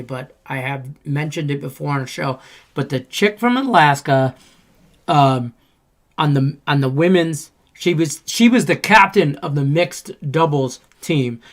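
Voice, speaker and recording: A man co-hosting a casual sports betting podcast, rambling and profane as he tells animated stories. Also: fairly high pitch. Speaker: podcast co-host.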